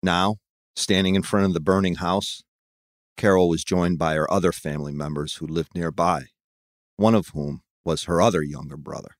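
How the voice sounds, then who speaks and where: A man giving measured, scripted documentary narration. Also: sits low, no echo, clean studio sound. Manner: measured, even storytelling.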